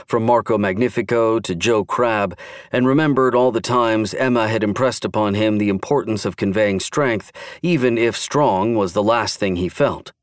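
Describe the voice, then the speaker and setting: A man narrating a thriller audiobook in steady, measured scripted narration. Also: fairly low pitch, no room sound, clean studio sound.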